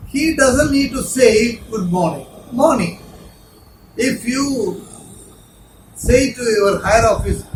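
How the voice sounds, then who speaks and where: High-voiced Tamil-accented man teaching English. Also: expressive, takes it slowly, pauses often. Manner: repeats each phrase several times, drilling pronunciation. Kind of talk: spoken English lesson. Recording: echoey room, mic far off, noisy.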